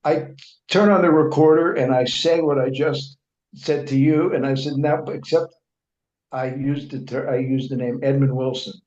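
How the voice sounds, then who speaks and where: A man's voice: mid-range voice, fairly even intonation, normal speed, a little mellow. A man who writes and reports, a guest in an interview, telling long anecdotes with many restarts and fillers and acting out what others said. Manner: acts out other people's remarks in quoted speech. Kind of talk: conversational storytelling in an interview. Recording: echoey room, dull lo-fi sound.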